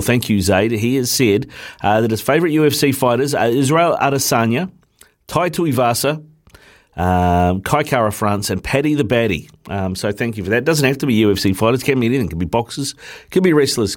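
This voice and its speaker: Filling in as host on a sports radio show, a man with a New Zealand accent and a mid-range voice chats casually and reads out texts from listeners.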